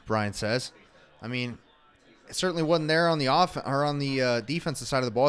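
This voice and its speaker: A man's voice: mid-range voice, brisk, fairly bright tone, clean tone. A man co-hosting a casual watch party stream, calling plays and reading viewer comments aloud with a wry, exasperated manner.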